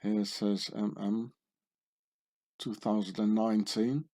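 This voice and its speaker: A man's voice: lowish voice, flat delivery, measured pace, warm tone. A man hosting his own channel and talking through images on screen, in a sardonic, conspiratorial way, often tagging remarks with questions. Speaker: channel host. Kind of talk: screen-share commentary.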